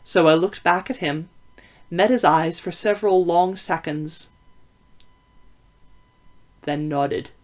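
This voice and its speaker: A woman's voice: lowish voice, takes it slowly, pauses often, darkish tone. Woman reading a novel aloud. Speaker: reader. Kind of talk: audiobook narration.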